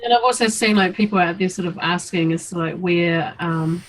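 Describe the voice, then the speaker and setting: A woman's voice: lowish voice, normal speed, few pauses, low-quality recording. A woman with a New Zealand accent co-hosting a livestream, giggly and hesitant, full of likes and ums. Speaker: livestream co-host. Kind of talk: casual livestream chat.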